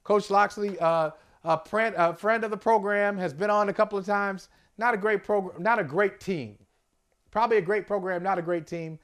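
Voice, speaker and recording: A man co-hosting a casual sports talk show, emotional and animated, laughing often as he talks. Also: sits high, normal speed, clean tone. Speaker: co-host.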